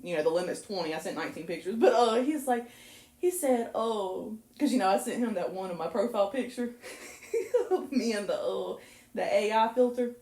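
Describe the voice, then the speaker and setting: Young woman, casual podcast chat, lively swooping pitch, echoey room, laughs often. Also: moderate pace. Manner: animated storytelling, swears freely, bursts into high laughter. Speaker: podcast co-host. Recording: roomy echo.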